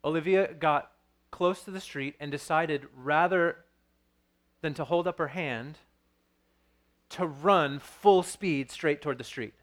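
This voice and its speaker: A man's voice: a little high, slow, pauses often. A man in his thirties preaching a sermon as pastor, earnest and storytelling, with frequent restarts.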